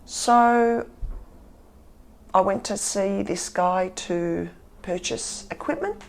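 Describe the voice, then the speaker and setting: A woman's voice: medium pitch, slow pace, vocal fry. A woman, candidly telling her own story and acting out what people said to her. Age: 50s. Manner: animated, acts out quotes.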